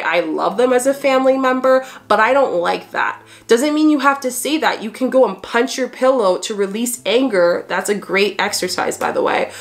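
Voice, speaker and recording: Earnest woman giving spiritual advice. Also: fairly high pitch. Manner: earnest, encouraging, repeats phrases, fillers like "you know". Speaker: spiritual coach and video host. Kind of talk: casual advice vlog to camera.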